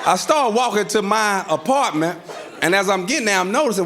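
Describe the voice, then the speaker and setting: A male stand-up comedian tells a story in a high, animated voice that swings widely in pitch. He acts out the sounds and voices as he goes. Laughter from a live audience fills the recording. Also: fast, heavy background noise.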